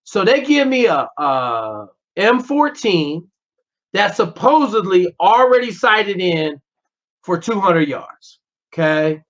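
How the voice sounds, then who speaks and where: A former Navy SEAL guests on a podcast, telling a story bluntly and profanely while acting out the dialogue. His voice is high, fairly bright and very animated, though slow. The casual interview is recorded in slightly dull lo-fi audio.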